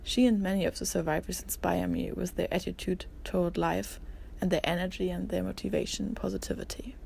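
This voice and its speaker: A young woman narrating as a museum intern in a soft, earnest read. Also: fairly low pitch, flat delivery, fairly quick, gravelly, slight background noise. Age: young adult. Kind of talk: scripted narration.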